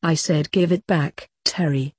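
A woman reading a wry stubborn gentleman. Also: deep voice, steady tone, slightly rough, dry recording. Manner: slow, wry. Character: bold male gentleman actor, stubborn and wry.

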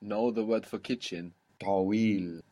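A man's voice: fairly low pitch, expressive, moderate pace, darkish tone. A man teaching a one-on-one lesson, explaining patiently and repeating words for the learner. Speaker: Arabic teacher.

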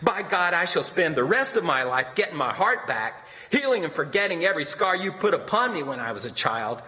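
A man's voice: on the high side, big pitch swings, a little fast, bright, forceful tone. A man voicing a bitter, defiant young son who lashes out at his family in impassioned, resentful speeches. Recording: long hall reverb.

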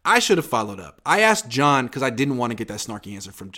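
A man co-hosting a podcast in casual sports chat, emphatic and animated, often restarting his sentences. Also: mid-range voice, fast talker. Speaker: podcast co-host.

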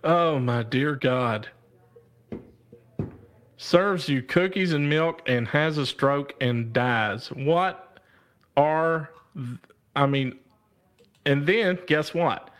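Man, live-stream host, slow easygoing pace, reads out comments, laughs a lot, exclaims to God. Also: on the high side, a bit bright. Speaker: live show host reading viewer comments. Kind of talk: casual live-stream chat.

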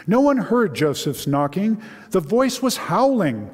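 A man's voice: high voice, very animated, unhurried, a little mellow. A man preaching a sermon in an earnest, openly moved way, reading a story and leading a prayer. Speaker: pastor. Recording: reverberant hall.

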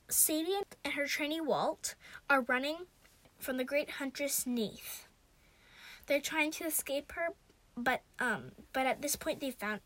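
High-voiced woman reading aloud, dry close sound. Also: fairly bright tone, no room sound. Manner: chatty asides between passages. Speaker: reader.

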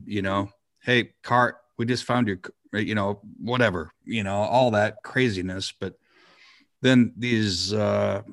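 A man's voice: lowish voice, no room sound, studio quality. A man hosting a podcast, asking long, rambling questions full of restarts. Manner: rambling, restarts his sentences. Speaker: podcast host. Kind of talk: casual interview questions.

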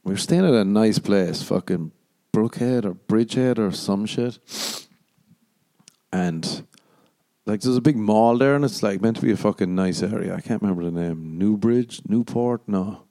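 An Irish man hosting his own podcast, rambling through profane, meandering stories with the odd quick mock voice. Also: fairly low pitch, dark tone. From Ireland. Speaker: podcast host and stand-up comedian. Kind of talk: casual rambling solo podcast monologue.

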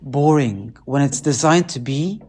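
A man, a priest, preaching in a casual, animated way and often checking in with his listeners. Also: mid-range voice, unhurried, slightly rough. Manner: animated, keeps asking listeners "right?". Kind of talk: conversational sermon.

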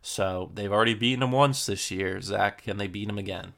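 A young man hosting a casual football podcast, previewing matches in a relaxed way with lots of fillers. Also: on the low side, fairly quick, creaky. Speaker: podcast host.

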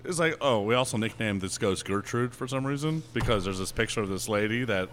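A man's voice: lowish voice, lively intonation, fairly quick, fairly bright tone, a little hiss or hum. A man telling a long anecdote on a podcast, rambling and packed with fillers, breaking into laughs as he goes. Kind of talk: casual storytelling.

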